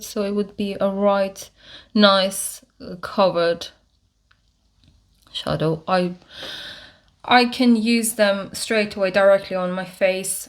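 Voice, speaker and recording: A woman giving a casual makeup tutorial to camera, talking through each step with frequent pauses, fillers and restarts. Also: medium pitch. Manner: unhurried, many fillers and restarts while demonstrating. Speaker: beauty vlogger.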